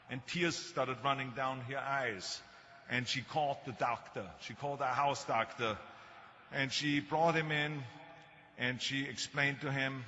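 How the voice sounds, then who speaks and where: A man's voice: a little high, sharp tone, big-room sound, muffled recording, slight background noise. A man in his sixties with a German accent gives a motivational speech, telling anecdotes in an emphatic way with dry humor. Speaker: speaker.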